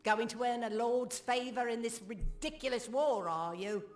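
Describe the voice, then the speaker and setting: An actress playing a middle-aged village weaponsmith in a fantasy game, speaking with a British accent in a stern, matter-of-fact way. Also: female voice, fairly high pitch, normal speed, lightly acted. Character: weaponsmith village woman, former would-be soldier. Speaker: game character. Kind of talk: game dialogue.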